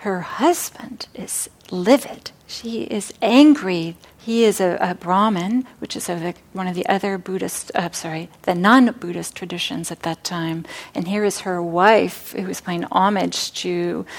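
A woman giving a dharma talk at a meditation center, telling a teaching story with frequent pauses and fillers. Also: fairly low pitch. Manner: warm storytelling, hesitant fillers.

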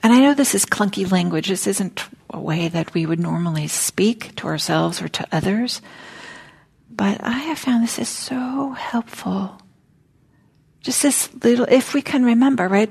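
A woman teaching a dharma talk at a meditation hall, speaking gently and reflectively, often dropping near a whisper, with casual fillers. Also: mid-range voice, creaky, slightly rough.

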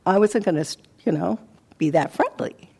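A woman's voice: on the low side, animated, gravelly, breathy edge. Reflective woman giving a dharma talk. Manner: reflective, halting, with soft pauses. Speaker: meditation teacher. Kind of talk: dharma talk, personal storytelling. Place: meditation center hall.

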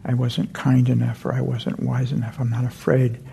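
A man voicing a humble dying old rabbi, gravelly. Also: medium pitch, little pitch movement, normal speed, dark tone, slight background noise. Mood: earnest.

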